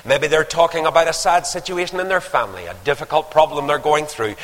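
A man's voice: on the high side, brisk, few pauses, a bit bright. An older man preaching a sermon, telling stories and building to emphatic calls to action. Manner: storytelling, rising to emphatic exhortation. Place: church. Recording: long hall reverb.

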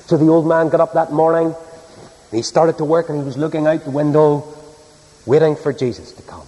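A man's voice: fairly high pitch, level tone, brisk, mellow. A man preaching, telling a story in a homely, earnest way. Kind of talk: sermon storytelling. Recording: echoey hall.

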